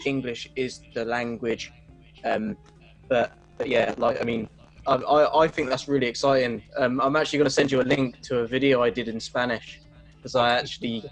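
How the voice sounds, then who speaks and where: A man's voice: mid-range voice, low-quality recording. A man co-hosting a casual chat over a video call, talking in a rambling way with lots of restarts. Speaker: co-host.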